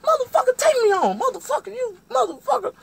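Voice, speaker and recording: A man putting on the voice of a furious young woman, screaming curses in a shrill falsetto. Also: big pitch swings, fast, vocal fry, exaggerated voice.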